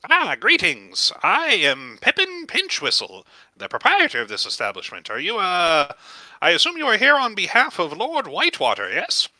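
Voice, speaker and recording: A man voicing a fussy, excitable middle-aged gnome shopkeeper who talks high and eager to please. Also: normal speed, no room sound, full character voice. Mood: fawning.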